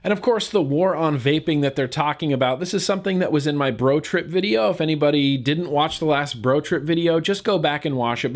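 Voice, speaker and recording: A man from California talking casually to camera in a vlog, getting fired up and repeating words for emphasis. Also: fairly high pitch. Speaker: vlogger.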